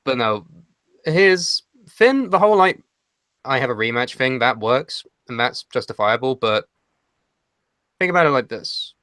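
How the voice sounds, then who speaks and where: A man's voice: medium pitch, sing-song, unhurried, fairly bright tone, clean tone, no room sound. A young man co-hosting a casual chat, confident and argumentative as he breaks down his points. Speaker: co-host.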